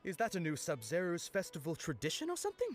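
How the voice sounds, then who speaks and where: An actor playing a bashful, earnest young knight who speaks hesitantly in game dialogue. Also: male voice, fairly high pitch, huge pitch swings, fast, faint music behind. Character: shy young male knight, earnest and lovestruck.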